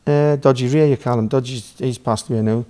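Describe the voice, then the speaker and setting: A man's voice: medium pitch, steady tone, fairly quick, mellow. A man with a Geordie accent, a podcast guest telling a long story with lots of swearing, rambling asides and acted-out back-and-forth dialogue. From Newcastle, England. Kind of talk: casual storytelling.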